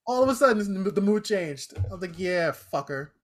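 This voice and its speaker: A man telling stories in casual, profane chat, animated and laughing often. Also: sits high, brisk, over music.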